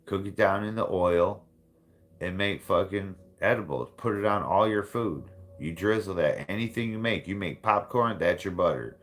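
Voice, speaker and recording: With a deep voice at a normal speed, this livestream host chats casually and without a filter. He's blunt and profane, and frequently breaks into laughter.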